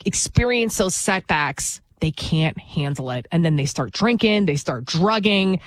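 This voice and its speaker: A woman's voice: mid-range voice, no echo. A woman hosting a podcast, giving a blunt, emphatic, opinionated monologue in a conversational tone.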